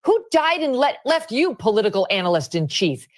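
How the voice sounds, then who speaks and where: A woman's voice: a little high, very animated, a little fast. A woman giving indignant, emphatic opinion commentary on a news broadcast. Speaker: political commentator.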